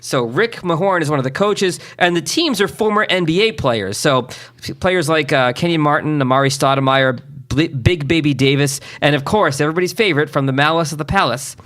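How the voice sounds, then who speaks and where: A man's voice: fairly high pitch, fairly quick, fairly bright tone. A man co-hosting a casual radio show, running through local sports events in an upbeat way. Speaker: co-host covering sports.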